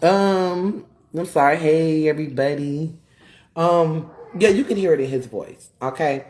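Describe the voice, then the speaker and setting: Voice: mid-range voice, unhurried, a little mellow. Heated, emphatic live-stream ranter. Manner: emphatic, repetitive, rhetorical questions; greets viewers mid-rant. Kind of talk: ranting live-stream commentary.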